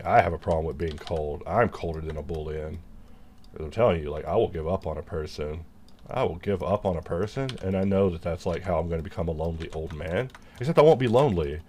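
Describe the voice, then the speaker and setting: A man's voice: low voice, a little mellow, a little hiss or hum. A man casually talking through his 3D modeling work, rambling and cracking self-mocking jokes as he goes. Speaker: 3D modeler teaching his workflow. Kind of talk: casual commentary while modeling on screen.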